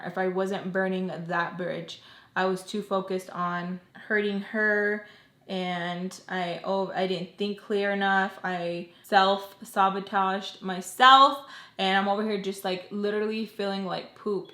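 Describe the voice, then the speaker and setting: A woman's voice: medium pitch, unhurried. A woman telling a dramatic personal story in casual, slangy chat, acting out what people said. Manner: animated, slangy storytelling that acts out quoted dialogue; talks while doing her makeup. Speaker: storytime vlogger. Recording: roomy room with faint hum.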